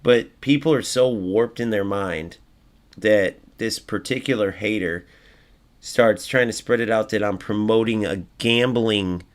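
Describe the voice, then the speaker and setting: An unhurried, low-voiced gaming streamer plays a football video game live, getting excitable, cursing without restraint, and chatting with his audience.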